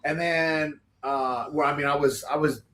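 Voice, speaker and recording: A man telling casual, animated stories as a talk show guest, rambling with lots of fillers and restarts. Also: fairly high pitch, measured pace, slight background noise.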